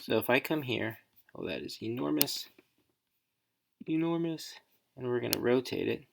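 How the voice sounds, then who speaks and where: A woman educator giving a casual, chatty screen-recorded software walkthrough, thinking aloud as she works. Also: very deep voice, a little fast, vocal fry, slight background noise.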